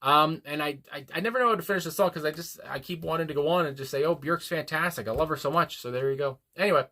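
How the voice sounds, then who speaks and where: A man's voice: fairly high pitch, fast, sharp tone. A young man hosting a music reaction video, talking casually and rambling with lots of fillers and restarts. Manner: rambling, frequent fillers and restarts, chuckles often. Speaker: music reaction channel host.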